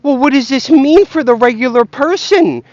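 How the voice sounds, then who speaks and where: A man's voice: very high voice, lively intonation, moderate pace, a little mellow, no room sound, dull audio, voice pushed up. A man mimicking a panicky, whining middle-aged male interviewer who asks fretful questions. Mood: whiny mocking.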